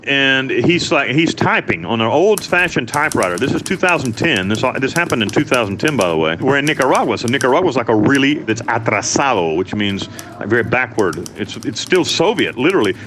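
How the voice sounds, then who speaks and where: A man's voice: medium pitch, big pitch swings, fairly quick, a bit bright, a little hiss or hum. A man from the United States telling his story as an interview guest, blunt and profane, rambling with restarts. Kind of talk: candid storytelling.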